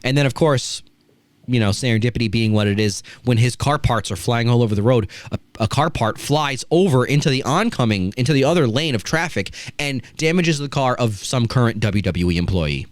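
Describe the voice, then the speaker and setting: A man's voice: mid-range voice, expressive, brisk, no echo. A man hosting a casual wrestling podcast, ranting and swearing with mocking asides. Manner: profane, ranting, does mocking impressions. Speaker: podcast host.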